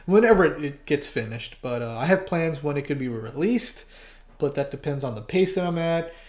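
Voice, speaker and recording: An animator hosting a casual livestream, talking in a halting way with frequent stammers and restarts. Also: medium pitch, expressive, a little mellow. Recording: roomy echo.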